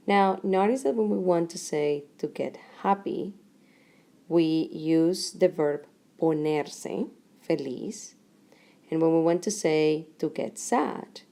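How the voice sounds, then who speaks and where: A middle-aged woman teaching a Spanish grammar lesson in English, speaking deliberately in short phrases with pauses between them. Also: low voice, creaky, dark tone.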